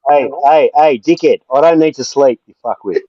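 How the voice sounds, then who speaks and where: A man's voice: on the high side, normal speed, dry recording. An Australian man in heated, profane live-stream banter, combative and talking over others, on dull lo-fi stream audio. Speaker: livestream panel guest.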